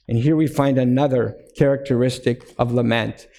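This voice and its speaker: A man's voice: medium pitch, steady tone, creaky, warm tone. Earnest preaching man, reverberant hall. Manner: earnest preaching, slows to stress key words. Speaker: pastor. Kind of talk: sermon.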